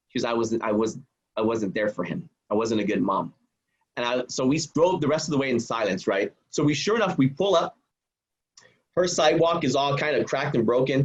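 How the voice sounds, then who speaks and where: A man guest on a podcast, telling a personal story in an animated way and acting out the voices of the people in it. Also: medium pitch, slightly rough, dull audio. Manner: acts out quoted voices.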